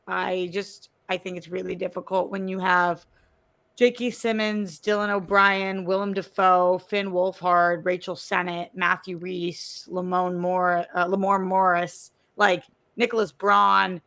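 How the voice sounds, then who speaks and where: Woman with a gravelly fry. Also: medium pitch, fairly bright tone. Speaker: podcast co-host. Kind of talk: casual chat.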